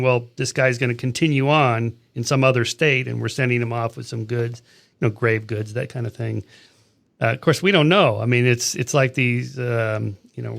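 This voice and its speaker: Gravelly-voiced male podcast host. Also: mid-range voice, fairly even intonation, normal speed, fairly bright tone. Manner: casual, chatty, self-interrupting. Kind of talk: conversational interview.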